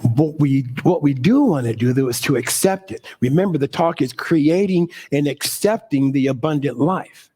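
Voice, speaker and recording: A middle-aged man preaches with a high, lively voice, laughing easily and stressing his points the way a pulpit speaker does. It is a spirited sermon delivered to a room full of listeners. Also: normal speed, breathy edge. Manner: animated, laughing often, preacherly emphasis.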